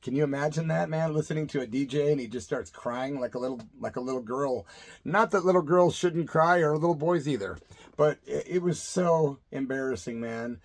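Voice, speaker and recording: A man's voice: fairly high pitch, brisk. A man in his fifties, a veteran radio DJ, telling a personal story in a laid-back, rambling way and dropping "man" into his sentences. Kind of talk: casual storytelling to camera.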